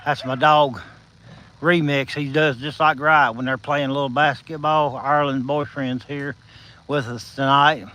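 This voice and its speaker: A man's voice: medium pitch, fairly even intonation, unhurried, bright, forceful tone, slight background noise, rough recording. A Southern-accented man, a little out of breath and slightly slurring without his top teeth, chatting folksily to his live-stream viewers while walking outdoors at night. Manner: folksy, encouraging, talks to viewers by name. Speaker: livestream host. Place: outdoors at night, insects behind.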